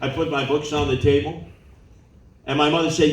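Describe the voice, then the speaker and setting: A man, telling animated stories at a campaign town hall and acting out the people in them. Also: a little high, fairly quick, recorded from a distance. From New York City. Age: 70s. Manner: animated storyteller who acts out quoted people. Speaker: political candidate at a town hall. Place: large indoor meeting room. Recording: roomy hall, voice off-mic.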